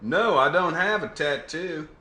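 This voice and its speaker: Brief: man playing a courteous older Southern US vet, put-on drawl, bright, echoey room. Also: fairly high pitch, lively intonation, unhurried, pitched above the performer's own voice. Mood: bashful.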